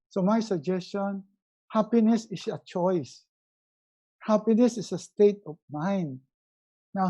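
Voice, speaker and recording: Brief: middle-aged man, coaching talk, mellow warm tone, lively and playful. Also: high voice. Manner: animated, acts out quoted scenes in a raised voice. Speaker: resiliency coach. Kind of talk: live motivational webinar talk.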